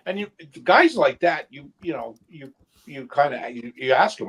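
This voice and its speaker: Middle-aged man, gravelly voice, husky, halting restarts, podcast chat. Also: mid-range voice, animated, a bit bright, low-quality recording. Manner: halting, many restarts and fillers. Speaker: podcast co-host, goalkeeper coach. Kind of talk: casual round-table chat.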